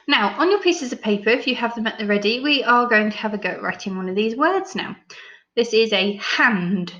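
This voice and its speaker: A woman teacher with an English accent, leading a recorded phonics lesson for young children, sounding out each letter slowly and praising often. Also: on the high side, expressive, bright, forceful tone. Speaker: primary school teacher. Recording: slightly dull lo-fi recording.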